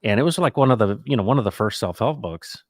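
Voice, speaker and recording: A middle-aged man hosting a casual talk, reflective and animated, acting out the people in his stories. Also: lowish voice, fast talker, no room sound, studio quality. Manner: animated, acts out quoted dialogue; reflective, faith-minded musing. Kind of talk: casual conversational storytelling.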